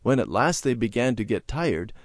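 A man narrating a children's Bible story with measured, clear delivery. His mid-range voice moves with lively, expressive intonation. The recording is dry and close. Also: mid-range voice, dry recording.

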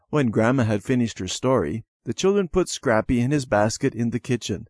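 A man narrating a children's storybook in an expressive read-aloud manner. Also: medium pitch, brisk, hardly any pauses, dry recording.

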